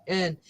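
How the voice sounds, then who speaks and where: Slow-talking blunt woman, casual chat. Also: very noisy. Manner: blunt, profane, laughs often.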